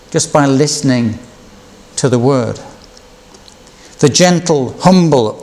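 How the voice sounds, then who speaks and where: A man preaching a sermon, teaching slowly and reflectively while reading out scripture passages. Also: mid-range voice, a little mellow. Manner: slow, measured, reflective Bible teaching with read-out scripture.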